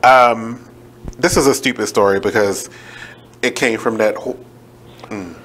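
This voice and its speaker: A man's voice: lowish voice, a little slow, a bit bright, slight background noise, poor audio. A man hosting a radio show, chatting loosely and jokingly as he jumps between news stories. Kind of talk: casual talk radio chat.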